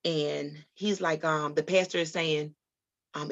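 A woman's voice: deep voice, fairly even intonation, slow. A woman telling a personal faith story as a podcast guest, earnest and rambling, with many ums and restarts. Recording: dull lo-fi audio.

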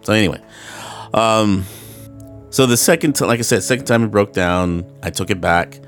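Man, low voice, solo podcast host, rambling, cursing, laughing often, faint guitar music behind. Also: normal speed. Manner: acts out voices in quoted dialogue.

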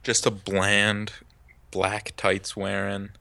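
A man co-hosting a casual podcast chat, blunt and deadpan, swearing freely. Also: lowish voice, slow pace, gravelly, no room sound. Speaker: podcast co-host.

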